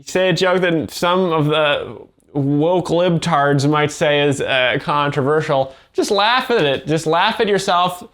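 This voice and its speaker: Deadpan mock-serious male commentator. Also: on the high side. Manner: deadpan, fake-sincere, with halting fillers. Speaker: comedy video host explaining jokes. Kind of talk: mock-earnest comedy commentary.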